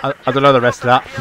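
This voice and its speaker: A young man giving excitable, chatty commentary over his own game, talking to himself and his teammates. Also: mid-range voice, slight background noise. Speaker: gaming channel host. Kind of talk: live gameplay commentary.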